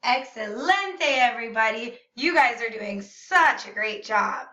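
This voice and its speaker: A woman teaching a video language lesson for children, upbeat and enunciating slowly so students can repeat after her. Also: on the high side, lively intonation, pushed and bright, lo-fi sound. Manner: upbeat, slow and clearly enunciated, modeling words for repetition. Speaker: Spanish teacher. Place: classroom or room at home. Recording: echoey room, slightly far from mic.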